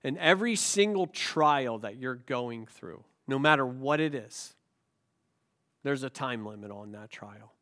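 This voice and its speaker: A man's voice: medium pitch, expressive, a little slow, a bit bright. A male pastor with a cold, preaching a sermon with rhetorical questions and self-deprecating jokes. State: has a cold.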